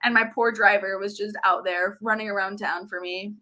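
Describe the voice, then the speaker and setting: A young woman guest in her twenties on a video call, telling animated stories and acting out the voices of people in them. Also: mid-range voice, moderate pace. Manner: acts out quoted voices, laughs often. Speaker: reality show contestant guest. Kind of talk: animated storytelling in an interview.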